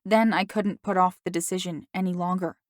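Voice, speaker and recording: A woman's voice: fairly low pitch, fairly even intonation, brisk, dry recording. Woman narrating an audiobook, dry sound. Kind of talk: first-person scripted narration.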